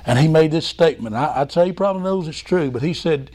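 A man preaching a sermon in a folksy, excitable way. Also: on the high side, fast. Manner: folksy, excitable preaching with repeated "hey, listen".

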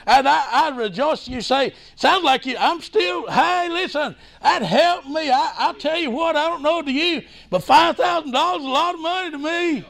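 In a very high, creaky voice with lively intonation, a male missionary preaches a revival sermon at a moderate pace with few pauses. Fervent, he exclaims glory and hallelujah, cutting in with "hey, listen" and sudden shouts.

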